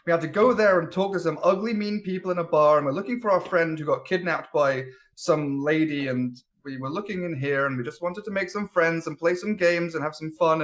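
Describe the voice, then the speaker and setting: A man's voice: fairly high pitch, brisk, few pauses. A man playing a tabletop character, rambling indignantly in a long complaint. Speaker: player. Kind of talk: in-character role-play.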